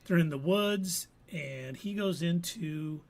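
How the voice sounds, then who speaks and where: A man's voice: fairly high pitch, slow pace, creaky. A man co-hosting a casual live show, recapping an episode with playful puns. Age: adult veteran. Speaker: co-host. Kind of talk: casual podcast chat.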